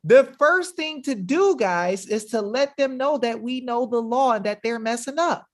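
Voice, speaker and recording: A man's voice: extremely high pitch, animated, measured pace. A man hosting a webinar in an emphatic, combative, slangy manner, talking casually to his viewers. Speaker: webinar host. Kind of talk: fiery casual livestream talk.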